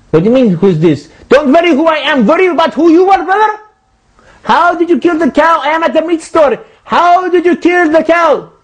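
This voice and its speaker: A man's voice: extremely high pitch, pitched above the performer's own voice. A man voicing a pushy, suspicious male customer who interrogates a butcher in a comedy sketch, demanding and calling everyone brother.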